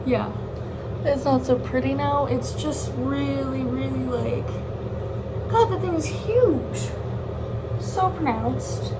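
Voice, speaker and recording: A woman's voice: sits high, background noise. A woman in her twenties, a college student, chatting casually and upbeat to the camera in a rambling vlog. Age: 20s.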